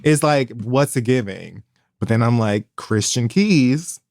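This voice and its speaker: A man's voice: medium pitch, lively intonation, unhurried, gravelly, a little mellow, no echo, studio quality. A man, co-hosting a casual podcast with wry, laid-back commentary. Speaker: podcast co-host.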